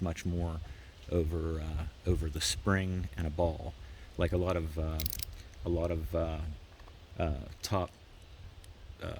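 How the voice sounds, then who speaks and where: A middle-aged man casually reviewing gadgets in a rambling, relaxed way, with many fillers. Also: low voice, noisy background. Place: indoors near a window.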